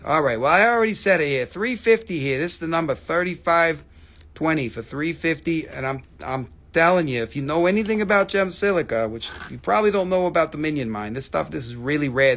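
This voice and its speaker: A middle-aged man with a gravelly, rough, fairly high voice runs a live-stream rock sale, speaking a little fast. He chats loosely and excitably, hyping each stone and swearing casually.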